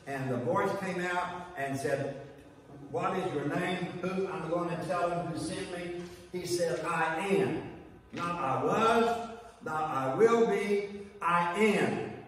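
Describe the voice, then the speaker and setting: A man's voice: high-pitched, slight background noise. A man preaching a sermon to a congregation, building points through repeated phrases and now and then calling a listener "honey.". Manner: repetitive preaching cadence, addresses listeners as "honey". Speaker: guest preacher. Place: church sanctuary. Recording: echoey church hall from far off.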